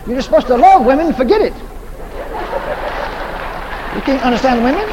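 High-voiced, folksy preacher man. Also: expressive, normal speed, over a noisy crowd. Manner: folksy, humorous, repetitive. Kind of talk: sermon. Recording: echoey hall, faint noise.

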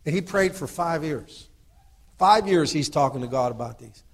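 With an animated delivery at ordinary speed, a middle-aged man preaches a sermon that falls to low asides and climbs into loud exhortation. He repeatedly calls on the audience for agreement.

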